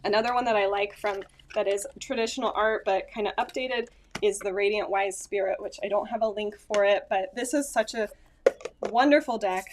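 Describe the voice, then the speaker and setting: A woman's voice: mid-range voice, normal speed, a little hiss or hum. A woman casually chatting to her phone camera at home, rambling and correcting herself with small laughs. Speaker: vlogger. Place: at home, indoors.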